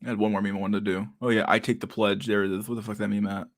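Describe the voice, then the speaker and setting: A young man talks on a livestream in a low, relaxed voice. He is loose and crude, mutters to himself, and laughs often while answering chat. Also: very fast. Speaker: streamer reading chat.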